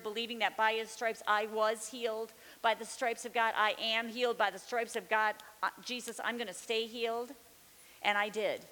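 A woman's voice: medium pitch, a bit bright. A middle-aged woman teaching the Bible, sharing a testimony with fervent, building declarations. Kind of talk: testimony during a sermon. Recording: long reverb with faint hiss.

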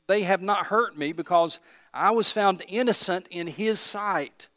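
A man's voice: high voice, a little slow, fairly bright tone, big-room sound, pitched above the performer's own voice. A man reading aloud as an ancient prophet, speaking in an earnest, declaring way.

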